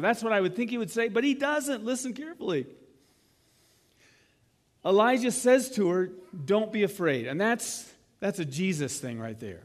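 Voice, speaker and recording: A man's voice: high voice, expressive, moderate pace, pauses often, big-room sound. A man preaching a sermon in a conversational way, retelling a scene and asking the listeners rhetorical questions. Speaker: pastor.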